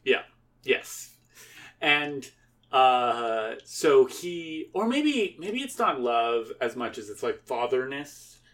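Storyteller thinking aloud, lively intonation, plenty of restarts. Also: mid-range voice, slow. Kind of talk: improvised collaborative storytelling.

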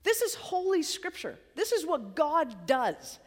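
High-voiced chatty woman preaching. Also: sing-song, a little slow, in a large hall. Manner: conversational, chatty, tag questions and "like"; drops to a soft whisper for emphasis. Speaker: campus preacher. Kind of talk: sermon. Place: college worship service.

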